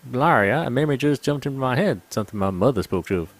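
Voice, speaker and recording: A man's voice: mid-range voice, animated, quick pace. A man voicing a young female desert chief in a game, speaking in a formal, commanding way. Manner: formal, imperious.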